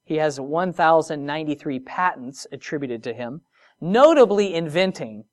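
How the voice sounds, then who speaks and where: A preacher giving a sermon, moving between soft, drawn-out phrases and emphatic rises, with conversational asides and rhetorical questions. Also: mid-range voice, animated.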